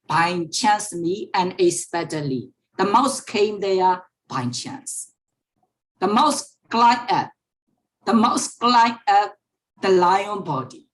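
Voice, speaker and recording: Brief: female teacher, online class, patient storytelling, repeats every line, very slow pace. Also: mid-range voice. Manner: slow, repeats each sentence and explains words. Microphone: online class microphone.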